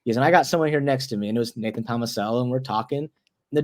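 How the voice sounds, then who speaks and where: A young man in his twenties, a guest on an interview show, telling a story in a loose, animated way, restarting words and leaning on "like". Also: medium pitch, very fast. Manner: animated storyteller, acts out quoted voices.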